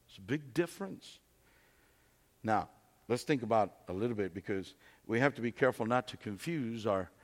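A man preaching a sermon in a conversational way, telling stories and asking rhetorical questions in a church hall. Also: fairly low pitch. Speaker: pastor. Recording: long hall reverb.

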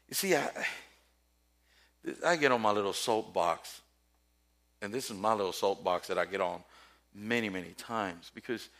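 A man preaching a sermon with passion, swinging between quiet storytelling and loud, rising questions to his listeners. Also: medium pitch.

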